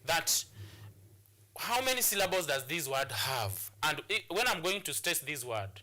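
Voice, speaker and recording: A Kenyan man teaches an English lesson in a very bright, somewhat high voice. He explains patiently, repeating phrases and restarting sentences. He often asks the class a question and then answers it himself. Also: sing-song, measured pace. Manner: repetitive explanations, frequent restarts and rhetorical questions. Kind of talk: classroom lesson on stress and syllables.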